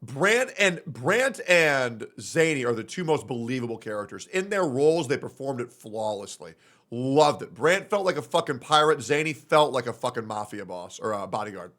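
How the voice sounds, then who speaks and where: A young man streaming his reactions, blunt and profane in his opinions. His voice is bright and forward, swinging widely in pitch as he rants. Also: very animated, normal speed. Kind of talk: casual reaction commentary.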